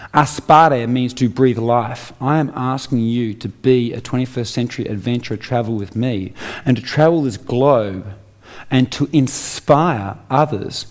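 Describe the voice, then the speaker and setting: A man's voice: medium pitch, a little mellow. An Australian man giving an emphatic motivational speech on stage, full of rhetorical questions. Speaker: inspirational speaker.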